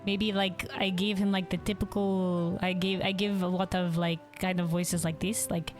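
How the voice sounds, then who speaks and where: A woman's voice: on the low side, level tone, moderate pace, few pauses, soft background music. A woman streamer chatting casually over her gameplay, giggly and self-deprecating.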